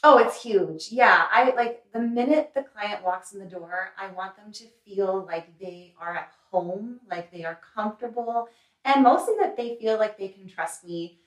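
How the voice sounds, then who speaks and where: A woman's voice: mid-range voice, unhurried. A young woman who owns a salon, answering interview questions in a chatty, earnest way with many fillers. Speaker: salon owner and hair remover. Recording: echoey room, mic a little distant.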